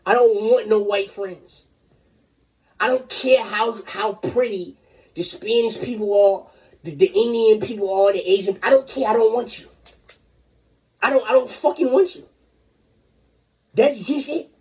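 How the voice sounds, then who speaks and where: A man's voice: high-pitched, moderate pace, darkish tone, husky. A man delivering an angry, rambling, confrontational rant full of profanity. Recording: dull lo-fi recording.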